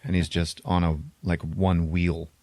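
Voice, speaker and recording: A man co-hosting a podcast, casually retelling a movie plot with animated acted-out quotes and laughter. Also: low-pitched, a little slow, no room sound. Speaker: podcast co-host. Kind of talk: casual movie recap chat.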